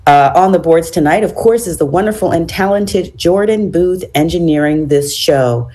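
A woman hosting a radio talk show, hoarse and raspy from a cold, talking in a measured way with many ums and uhs. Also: fairly low pitch, warm tone, faint music behind. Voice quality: raspy, froggy edge.

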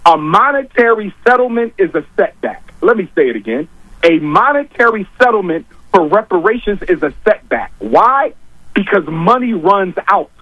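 A man's voice: high-pitched, sing-song, normal speed, no echo. A man arguing his points emphatically on a talk show, repeating key lines for weight. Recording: dull, dry lo-fi audio.

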